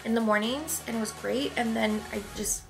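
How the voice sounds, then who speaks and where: Young woman, vlogger, chatty, rambling, a little out of breath, high-ish voice, background music. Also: normal speed, gravelly. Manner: chatty, rambling, frequent laughs. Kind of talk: casual chat to camera.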